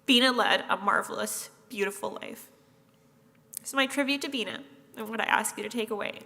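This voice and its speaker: Tribute speaker, woman, bright higher voice, hall reverb. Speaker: eulogy speaker. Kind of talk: funeral tribute. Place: funeral hall. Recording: echoey hall.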